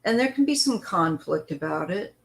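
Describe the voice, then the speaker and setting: A woman's voice: on the low side, lively intonation, normal speed, creaky, slight background noise, low-quality recording. A woman hosting a live tarot stream who chats loosely, greets viewers by name and wanders between thoughts while reading the cards. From western United States.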